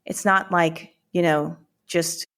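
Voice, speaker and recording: A woman's voice: fairly low pitch, steady tone, slow, a bit bright. A woman hosting an interview podcast, reflecting aloud in a conversational way. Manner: reflective, thinks aloud with restarts. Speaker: podcast host.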